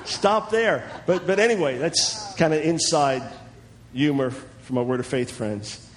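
A man preaching in a sermon-style teaching talk, animated and chuckling, acting out the voices of the people he quotes. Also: a little high, a little slow, a little hiss or hum.

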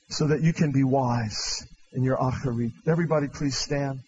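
Male revival preacher with a high voice, pleading and proclaiming in turn; dull live church recording. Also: steady tone, normal speed, hardly any pauses, breathy edge. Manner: impassioned, swinging from loud proclaiming to hushed pleading. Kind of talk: revival altar-call sermon. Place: large church with balcony.

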